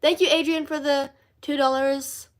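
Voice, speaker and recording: A woman's voice: high-pitched, level tone, moderate pace. A teenage girl from Louisiana chatting casually on her livestream, answering comments in a chatty, rambling way full of fillers. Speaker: livestream host.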